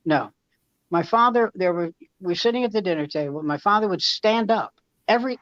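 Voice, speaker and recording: A man, a comedian guest, telling family stories in an animated way and jumping up loudly when he imitates people. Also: sits high, brisk, no echo. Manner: animated, loud jumps when acting out quotes. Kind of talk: storytelling comedy chat. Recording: dull lo-fi dry sound.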